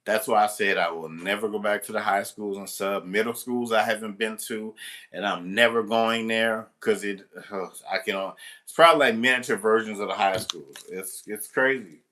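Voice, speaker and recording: A man with a low but bright, forceful voice tells a story straight to the camera. He works as a substitute teacher and talks casually, rambling and restarting, with plenty of swearing thrown in. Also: steady tone, normal speed.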